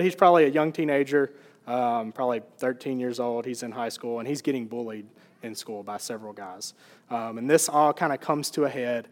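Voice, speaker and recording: A male pastor preaching a sermon in a church sanctuary, earnest and conversational, with some fillers and restarts. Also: medium pitch. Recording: long reverb of a large hall.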